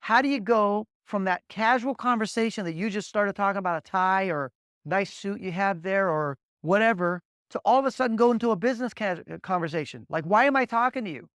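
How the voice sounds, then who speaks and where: Middle-aged male sales coach, high-pitched, lively, dry close sound, plays out small-talk examples. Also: brisk, smooth, no echo. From Las Vegas, Nevada. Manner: animated, acts out sample dialogues, repeats words. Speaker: sales trainer. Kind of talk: energetic training talk.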